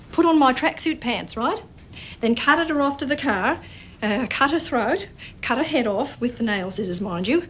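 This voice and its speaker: A woman's voice: fairly high pitch, a bit bright, poor audio. An actress playing an indignant mother accused in court, sarcastic and incredulous, in a film clip with faint noise. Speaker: film character.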